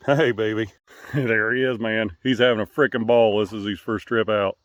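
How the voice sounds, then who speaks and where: A man's voice: on the low side, fairly even intonation, normal speed, dry recording, dull audio. A man chatting playfully to his pets outdoors by a river, teasing, coaxing and laughing often. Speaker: pet owner filming his animals. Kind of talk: casual talk to pets.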